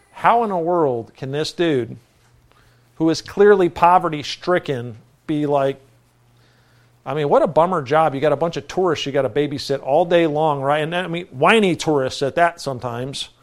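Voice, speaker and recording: A man preaching in a conversational style, telling a personal story with lively energy. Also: on the high side.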